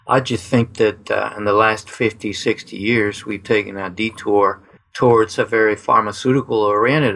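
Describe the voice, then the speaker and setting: A man, a doctor as guest, answering interview questions in a relaxed, conversational way with some fillers. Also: fairly low pitch, creaky.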